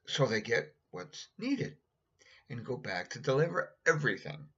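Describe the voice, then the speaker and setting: A man with a husky, fairly high voice reads a picture book aloud at normal speed, very animated, tossing in chatty asides and pointing at the pictures. It's a casual storybook read-aloud on a dull lo-fi recording.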